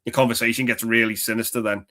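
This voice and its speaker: A man's voice: medium pitch, level tone, quick pace, pushed and bright. Man, co-host, casual rambling chat, mid-range voice. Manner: rambling, quotes film lines, laughs often. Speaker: podcast co-host.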